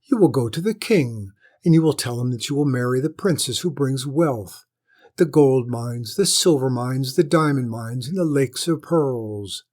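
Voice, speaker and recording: A man voicing a haughty, greedy noble lady and mother in a storybook reading, with a shrill, insistent manner. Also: expressive, normal speed, darkish tone, lightly acted.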